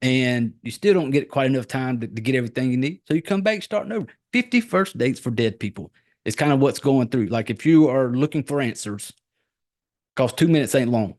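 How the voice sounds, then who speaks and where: A man talks casually on a podcast, his delivery loose and rambling, with swearing scattered through it. His voice sits at an ordinary middle pitch, but when something worked him up he jumps sharply higher. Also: fairly quick. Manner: rambling, profane, animated retelling with sudden high-pitched jumps. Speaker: podcast host reviewing a horror film.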